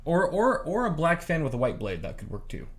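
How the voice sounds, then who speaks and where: A man's voice: on the high side, big pitch swings, fairly quick. A young man co-hosting a live computer hardware show, chatting loosely and often correcting himself. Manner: loose, self-correcting, laughing. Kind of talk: casual live-stream banter.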